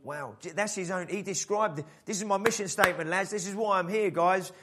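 A man preaching a sermon in an animated style, acting out the voices in the story. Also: sits high, fast, background noise. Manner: animated preaching, acts out the father's voice. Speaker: pastor.

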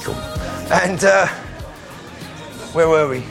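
A man preaching an energetic sermon in church, calling volunteers up and sometimes breaking into shouts. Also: a little high, slow, music in the background. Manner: energetic, calls out to the crowd, bursts into shouts.

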